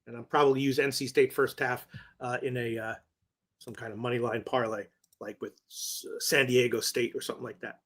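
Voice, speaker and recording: Bright-voiced man musing over bets. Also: mid-range voice, level tone, fairly quick. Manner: hesitant, thinks aloud with many fillers. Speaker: sports betting show co-host. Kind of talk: casual sports betting talk.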